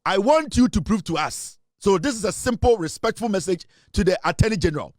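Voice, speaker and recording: A Ghanaian man delivering fiery news commentary in a high, ringing voice. He is emphatic and forceful and moves freely between English and Twi, recorded close and dry with no room sound. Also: lively intonation, a little fast, no echo. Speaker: political commentator.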